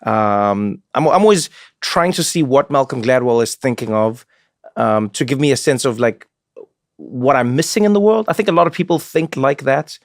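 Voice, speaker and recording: A man hosting a podcast who talks with his guest in a relaxed, chatty way and thinks aloud as he goes. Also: mid-range voice, normal speed, no room sound, studio quality. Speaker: podcast host. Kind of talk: casual interview chat.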